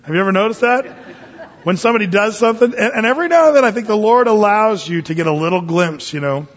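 A pastor teaching a conversational Bible sermon, reading scripture slowly and adding folksy, humorous asides. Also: male voice, high voice, animated. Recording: dull lo-fi sound with long hall reverb.

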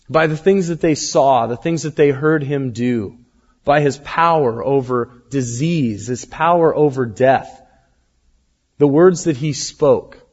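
Conversational pastor preaching in reverberant hall. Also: male voice, a little high. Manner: conversational, animated storytelling with acted quotes. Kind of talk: sermon. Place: church hall. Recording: dull, reverberant hall recording.

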